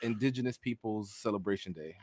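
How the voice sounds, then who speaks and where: A man's voice: fairly low pitch, a little fast, a little mellow, no echo, studio quality. A man co-hosting a casual podcast, rambling and joking and often laughing through his banter. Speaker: podcast co-host.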